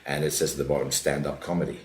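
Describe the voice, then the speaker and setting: A man's voice: very deep voice, flat delivery, fast. A man, a comedian, telling rambling anecdotes in a casual chat and slipping into quoted voices. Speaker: comedian guest. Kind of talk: casual podcast chat, storytelling. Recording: roomy echo, faint background ambience.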